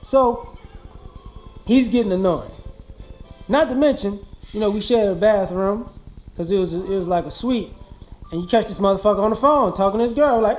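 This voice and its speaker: A man casually telling a profane, comic story, animated and swearing freely. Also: high voice, normal speed, long pauses, faint music behind, low-quality recording.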